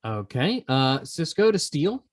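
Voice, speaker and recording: A man's voice: on the high side, big pitch swings, unhurried. A man hosting a podcast quiz segment, teasing the players in a playful, casual way. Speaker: podcast host running a quiz. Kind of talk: casual chat.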